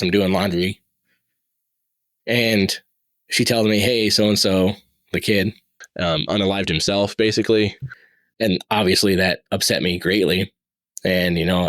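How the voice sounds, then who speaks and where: Low-voiced man telling a story. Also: no echo. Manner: animated, rising in pitch at tense moments. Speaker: podcast guest. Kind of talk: casual storytelling.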